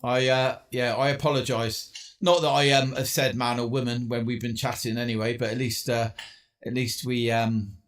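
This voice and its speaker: A man's voice: mid-range voice, little pitch movement, moderate pace. A man from England working his amateur radio station, chatting casually between contacts and talking to himself as he tunes. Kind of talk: casual on-air radio chat.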